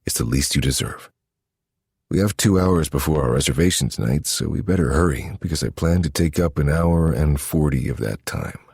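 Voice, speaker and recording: Very deep husky man narrating. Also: fairly quick, few pauses, a little mellow, dry recording, studio quality. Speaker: audiobook narrator. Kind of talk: first-person romance narration.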